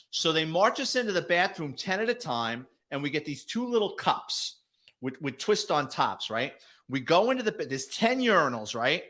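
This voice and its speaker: A middle-aged man, a retired police detective, telling stories as a guest with lots of swearing and acted-out quotes. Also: fairly high pitch. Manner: animated, profane, acts out quoted voices. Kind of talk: casual storytelling.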